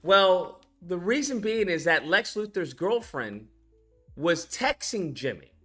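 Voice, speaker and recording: A man's voice: high-pitched, big pitch swings, slow pace, bright, forceful tone, soft background music. A man hosting a channel, talking casually and incredulously through a film's scenes, swearing and laughing as he acts them out. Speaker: animation channel host reviewing a film. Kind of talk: casual ranting film commentary.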